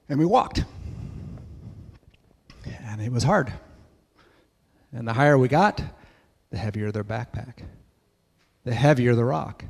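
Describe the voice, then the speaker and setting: A man telling a story in a sermon at church, lively and acting out voices. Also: mid-range voice, in a large hall. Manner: animated storyteller, acts out kids' voices. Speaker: church speaker.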